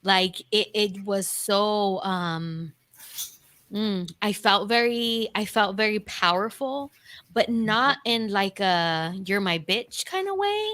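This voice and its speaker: A woman's voice: mid-range voice, slow pace, dry recording. A woman talking as a podcast guest, telling personal stories frankly, with lots of swearing and laughter. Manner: frank, profane, animated storytelling with laughter. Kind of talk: casual candid conversation.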